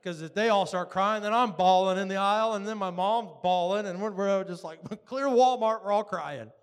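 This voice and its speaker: A man with a high, clear, resonant voice preaches at normal speed. His sermon is built on storytelling, and he animatedly acts out dialogue and laughs often.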